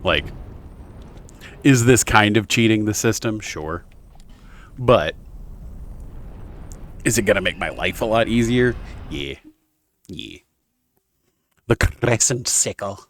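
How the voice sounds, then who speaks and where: A man's voice: lowish voice, slow, pauses often, slight background noise. A young man streaming a video game, rambling casually with lots of fillers and self-corrections. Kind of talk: casual gameplay commentary.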